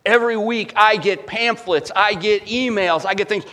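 Guy pastor preaching, highish voice, gets loud then goes real quiet, super emphatic. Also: moderate pace. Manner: animated, emphatic preaching with loud swells and sudden quiet drops. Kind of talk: sermon.

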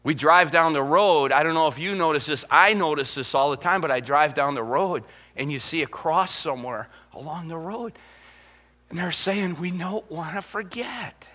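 A middle-aged man preaching a sermon as pastor, telling folksy stories and slowing down to quote scripture. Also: fairly high pitch, sharp tone.

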